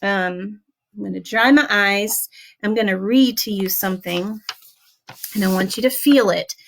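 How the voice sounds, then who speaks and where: Earnest young woman leading a gentle class. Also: mid-range voice, a little slow, a little hiss or hum. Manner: earnest, gentle, many soft fillers. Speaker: essential oils class leader. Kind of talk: heartfelt motivational class talk.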